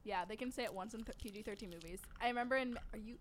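Giggly high-voiced young woman co-host. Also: rapid-fire, a little hiss or hum. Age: young adult. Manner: giggly, chatty, trails off often. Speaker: podcast co-host. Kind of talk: casual podcast chat.

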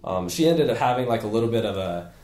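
A man who owns a physical therapy clinic, talking as a guest in a casual podcast interview, energetic and rambling with many fillers and restarts. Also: lowish voice, quick pace, roomy sound.

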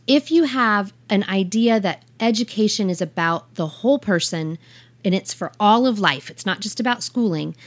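A woman's voice: medium pitch, dry recording. A woman co-hosting a podcast with her husband, telling stories in a chatty way and laughing often. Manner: giggly, chatty storyteller. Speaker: podcast co-host. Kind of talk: casual chat.

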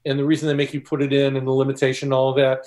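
A man's voice: medium pitch, monotone, racing, a little mellow. A man co-author on a discussion panel, explaining steps and telling anecdotes.

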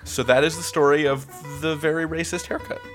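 A man's voice: fairly quick, faint music behind. A man co-hosting a podcast, telling a comedic story in a casual way and acting out the people he quotes. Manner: animated, acts out quoted people with big pitch jumps.

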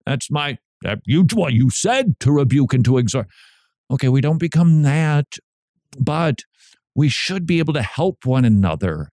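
Lively joking male radio host. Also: medium pitch, moderate pace, no echo, studio quality. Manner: jokey, lively, acts out little scenes with voices. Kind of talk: animated radio talk. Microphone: studio mic.

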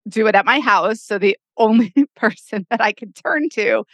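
A middle-aged woman therapist co-hosting a podcast, explaining calmly and laughing easily. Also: on the high side, moderate pace, dry recording, clean studio sound. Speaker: therapist co-host. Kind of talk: casual chat.

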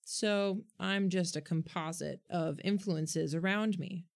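A woman's voice: fairly low pitch, slow pace, gravelly. A woman doing a wry, guarded young boy.

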